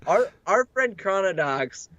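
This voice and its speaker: A man's voice: high-pitched, slow pace, no room sound. A young man co-hosting a casual podcast, telling stories eagerly with many "like" fillers. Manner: animated storyteller, heavy "like" fillers. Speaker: podcast co-host. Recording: dry, dull lo-fi mic.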